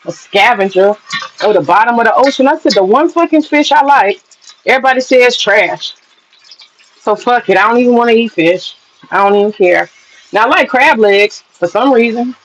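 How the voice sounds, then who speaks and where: A woman's voice: fairly high pitch, rough recording. Chatty, profane woman cooking vlogger. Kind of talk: casual cooking vlog chat.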